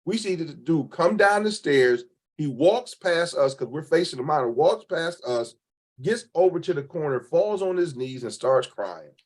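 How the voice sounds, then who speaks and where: This Cleveland, Ohio man, a spoken word poet, is an interview guest who spins stories casually and colloquially, imitating the people he quotes. His voice sits a little high and has a slight roughness.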